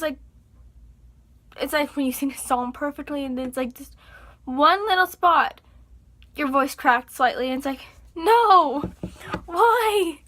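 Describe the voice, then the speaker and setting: A young woman chatting casually to her viewers, animated and chatty, acting out exasperated reactions. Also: high-pitched. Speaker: vlogger. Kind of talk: casual chat to camera.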